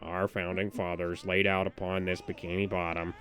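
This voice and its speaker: A podcast host putting on a low, flat Squidward impression while reciting a solemn speech. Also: moderate pace. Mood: deadpan solemn. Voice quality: flat monotone drone.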